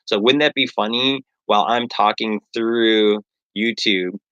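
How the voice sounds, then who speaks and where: A man's voice: on the low side, fairly even intonation, measured pace, a bit bright, clear, resonant tone, dry recording, muffled recording. A man rambling casually on a livestream as he works, self-mocking and full of fillers. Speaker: livestreaming artist.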